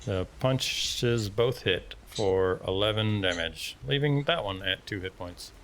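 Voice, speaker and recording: Guy dm-ing a tabletop game, kinda low voice, laid back, reading out rolls. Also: takes it slowly, slight background noise. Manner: relaxed, talks numbers and rulings. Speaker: game master.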